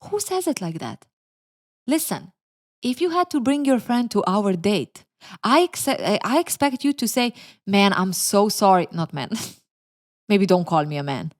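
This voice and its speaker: A woman's voice: mid-range voice, very animated, unhurried, pauses often. A woman giving opinionated commentary in an emphatic manner, with sassy asides. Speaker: video commentator.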